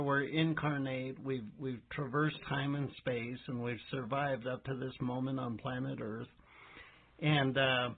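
A man asks slow, unhurried questions in a gravelly, somewhat husky voice. He sounds thoughtful and measured. The audio is thin and phone-like. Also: medium pitch. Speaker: interview host. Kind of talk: casual interview talk.

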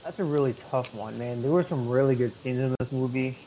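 A man's voice: mid-range voice, a little fast, mellow, slight background noise, rough recording. A man co-hosting a podcast, talking casually about a movie in a rambling way, with many fillers and restarts. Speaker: podcast co-host. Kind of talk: casual movie review chat.

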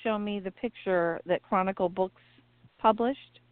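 A woman's voice: mid-range voice, measured pace, no echo. A woman hosting an interview, reacting with short exclamations and asking the guest questions. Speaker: interview host. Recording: dry, phone-line sound.

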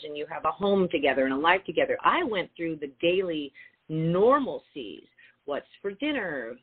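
A woman's voice: lowish voice, slightly rough. A woman hosting a casual talk show, speaking in an affirming, reflective way. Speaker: host. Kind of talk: casual podcast chat. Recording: tinny phone-like line.

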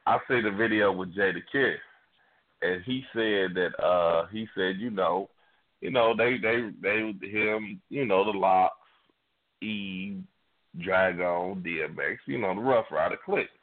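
Husky man rambling on narrow radio. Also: low-pitched, measured pace. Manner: rambling, many "you know" fillers. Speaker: radio show co-host. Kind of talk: casual profane chat. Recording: phone-like narrow band.

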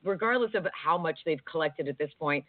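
A woman's voice: sits low, a little fast, no echo. Chatty woman co-host, tinny sound. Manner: chatty, rambling, fillers. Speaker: radio co-host. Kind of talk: casual talk radio chat. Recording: tinny phone-like dry sound.

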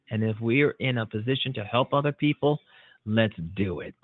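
A man's voice: mid-range voice, dry recording. A male talk show host speaks with earnest conviction, repeating himself and padding his lines with fillers. The sound is thin and phone-like, and bone dry with no room at all. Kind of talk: closing monologue of a call-in show. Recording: dry, tinny phone-like audio.

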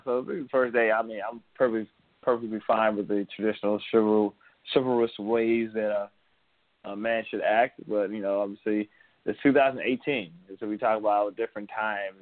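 Casual male co-host, low-pitched, rambly and laughing, lo-fi tinny dry audio. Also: no echo. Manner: rambling, laughs often, many restarts. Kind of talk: casual chat. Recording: tinny phone-like sound.

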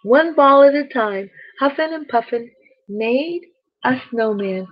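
A woman reading a bedtime story aloud, gently speaking to the children listening. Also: high-pitched, animated, highs cut off. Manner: slow, gentle, addresses children directly.

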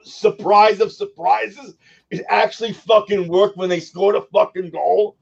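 A man co-hosting a sports radio show, excitable and self-mocking, swearing as he talks in casual banter. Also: high voice, a little slow, vocal fry, highs cut off. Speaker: co-host.

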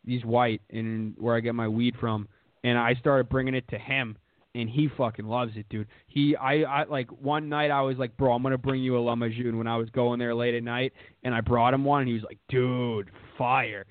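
At a normal speed and with fairly even intonation, a young man with a mid-range voice hosts a podcast of rambling, profane casual chat, leaning heavily on "dude." The audio is dry, lo-fi, and phone-like.

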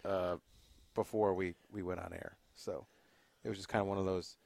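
Man, podcast co-host, casual rambling chat, lowish voice, dry. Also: little pitch movement, normal speed, vocal fry, darkish tone, dry recording.

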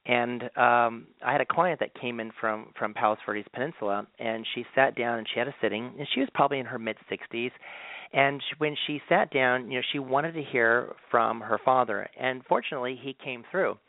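A man's voice: medium pitch, fairly quick, dry recording. A man talks through a long anecdote, full of ums and restarts. The sound is tinny and narrow, like a phone line, and completely dry with no room sound. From Southern California. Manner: rambling, many ums and restarts. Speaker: medium, guest. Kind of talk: casual interview storytelling.

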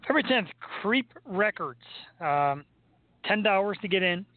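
A man's voice: sits high, lively intonation, unhurried, no echo. A man hosting a live talk show in a joking, rambling way and laughing often. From Philadelphia, US. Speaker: podcast host. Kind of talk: casual live show chat. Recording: tinny phone-like sound.

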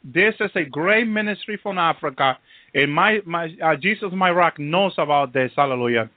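At a moderate pace and in a fairly high pitch, a man preaches through a dry, tinny, phone-like recording without echo. He keeps circling back to the same words, tagging nearly each phrase with hallelujah or praise Jesus.

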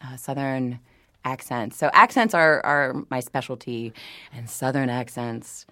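Low-voiced woman from new orleans telling stories on a podcast, laughs a lot, bone dry close mic. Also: measured pace, dry recording. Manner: animated storyteller, laughs often, many restarts. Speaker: voice actor guest. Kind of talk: casual interview.

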